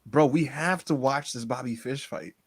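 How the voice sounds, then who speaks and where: A man co-hosting a casual podcast, excitable and teasing, laughing often as he talks. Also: mid-range voice, normal speed, slightly rough. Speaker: podcast co-host.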